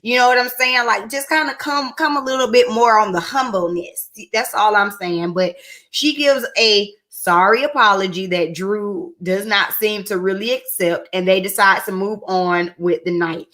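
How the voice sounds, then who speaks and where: Woman, bright voice, casual sassy recap, candid. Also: mid-range voice, moderate pace. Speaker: reality TV reviewer.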